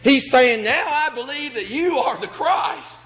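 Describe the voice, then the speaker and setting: A man preaching a sermon with a strikingly high, bright voice. He takes his time, drawing out his words, and leans hard on his points. He acts out the lines of scripture he quotes. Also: animated, measured pace, low-quality recording.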